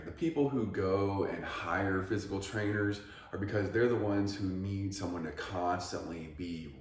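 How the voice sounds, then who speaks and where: Low-voiced guy cussing through a workout pep talk, far from the mic in a really echoey room. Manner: blunt, heavy swearing, repeats himself. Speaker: fitness vlogger. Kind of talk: profane motivational rant.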